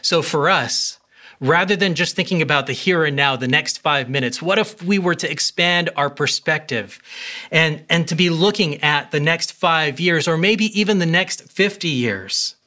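A man's voice: a little high, normal speed, sharp tone. A man preaching a sermon as pastor, earnest and conversational, with a few fillers.

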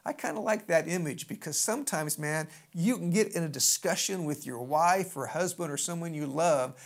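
A preacher retelling a scripture story as a sermon, in a lively, folksy manner full of asides and big swings in pitch. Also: moderate pace.

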